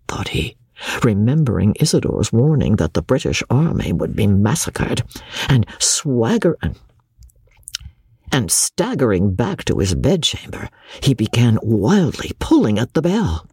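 A man narrating a classic novel as an audiobook, reading in an expressive storyteller's manner. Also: mid-range voice, measured pace, slightly rough, dry recording.

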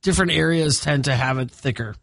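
Gravelly high-voiced Minnesotan radio host. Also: male voice, a little fast, fairly bright tone, no room sound, studio quality. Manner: chatty, laughs often, upbeat station announcements. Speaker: radio morning show co-host. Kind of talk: casual on-air banter. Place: radio studio. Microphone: studio microphone.

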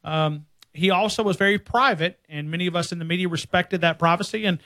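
A man with a Southern accent hosting a sports radio call-in show, chatting in a relaxed, easygoing way with many fillers. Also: sits high, a little fast.

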